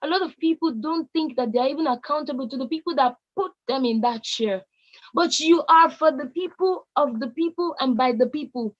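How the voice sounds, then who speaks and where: A woman's voice: sits high, moderate pace, dull audio. A Nigerian woman in her late teens giving an emphatic, repetitive motivational speech to young people. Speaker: youth speaker.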